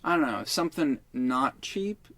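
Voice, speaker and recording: A man's voice: a little high, lively intonation, moderate pace, sharp tone. A man in his twenties, a podcast guest, telling a rambling, profane story in casual chat.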